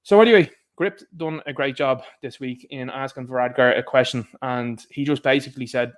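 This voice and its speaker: A man with an Irish accent giving a casual political monologue, sarcastic and animated, laughing at his own jokes. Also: medium pitch, fairly quick, hardly any pauses. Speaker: political commentator.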